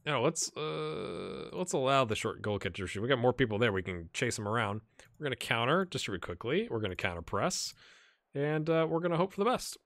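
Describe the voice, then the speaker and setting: An American man giving casual, lively commentary on a football management game and reacting loudly to the match. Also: mid-range voice, a little fast, dry recording, clean studio sound. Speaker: gaming YouTuber.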